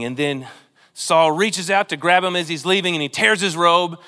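High-voiced animated male pastor. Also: normal speed. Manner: animated, acts out quotes in character voices. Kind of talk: sermon. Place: church.

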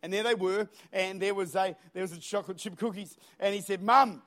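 An Australian man preaches a sermon in a church. His voice sits very high, and his delivery is energetic and humorous, climbing into shouts at the peaks. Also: a little fast. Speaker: pastor. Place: church auditorium.

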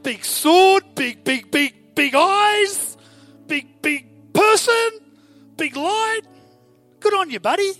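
Sarcastic whingeing Aussie bloke put on by a man, Australian accent, high squeaky pitch, mocking. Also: animated, drawn-out words, sharp tone, dry recording, long reverb tail, faint music behind, exaggerated voice.

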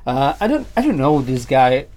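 Lively, animated male vocal coach. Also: medium pitch, normal speed. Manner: repeats words often, laughs easily, non-native phrasing. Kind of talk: casual podcast chat.

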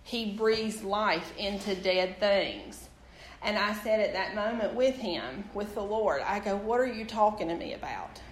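Speaking a little slowly in a medium-pitched voice, a woman preaches and recounts her own testimony. Her storytelling is animated and aimed straight at the listeners, recorded in an echoey space with slight background noise.

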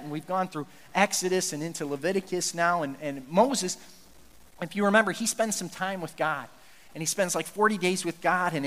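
A man preaching a sermon as pastor, telling the story in an animated way with jokey asides. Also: high-pitched, long reverb tail.

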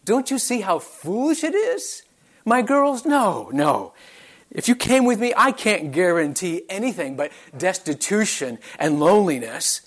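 Pleading old widow, high and pressing, put on by a male preacher. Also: very animated, unhurried, exaggerated voice. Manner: pleading, exasperated. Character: grieving older woman pleading with daughters.

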